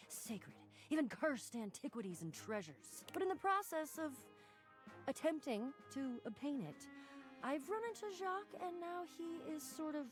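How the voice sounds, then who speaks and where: A woman's voice: sits high, very animated, moderate pace, soft background music. A woman voicing a boastful, theatrical female treasure thief in a video game, grandiose and a little flustered. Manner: grandiose, self-praising, flustered.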